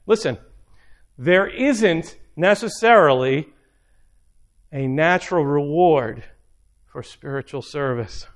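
A man preaching a sermon, animated, acting out little scenes in character voices. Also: a little high. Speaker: pastor.

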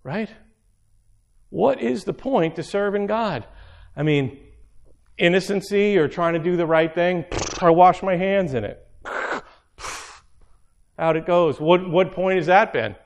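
A man preaching a sermon, animated, acting out little scenes in character voices. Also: sits high, measured pace, vocal fry, long pauses. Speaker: pastor.

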